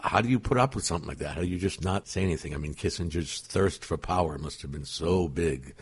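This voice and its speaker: Husky, eager male talk host. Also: sits low, fast. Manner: eager, exclamatory, curious questions. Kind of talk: casual interview chat.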